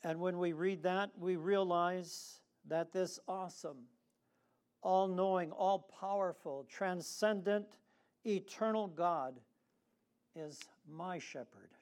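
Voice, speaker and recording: Slow, deliberate male preacher. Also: sits high, a little mellow, smooth. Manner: leads the congregation in responsive reading. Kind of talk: sermon.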